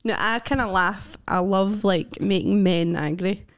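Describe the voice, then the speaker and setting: A young woman with a Scottish accent, co-hosting a podcast and telling animated stories with frequent laughter. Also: medium pitch, measured pace. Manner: animated storyteller, laughs often. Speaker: podcast co-host. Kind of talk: casual chat.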